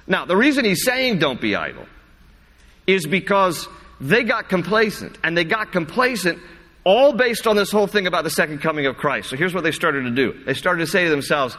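A male pastor giving a sermon. He reads scripture with emphatic, rising delivery that slows on key words, then drops into casual asides. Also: on the high side, sing-song, a bit bright. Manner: breaks into casual asides with fillers and restarts. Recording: echoey hall.

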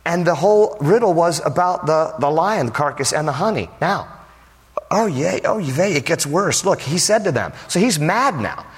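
A male pastor preaching with humor and lively storytelling, his voice slightly higher than most men. His words carry the long reverb of a large hall. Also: moderate pace. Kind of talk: sermon.

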